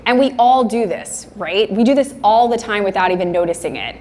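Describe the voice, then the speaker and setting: A young woman giving a motivational keynote talk on a conference stage, upbeat and chatty and quick to laugh. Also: mid-range voice, a little mellow, slight background noise. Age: young adult. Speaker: keynote speaker. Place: conference stage in a large hall. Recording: echoey hall, faint ambience.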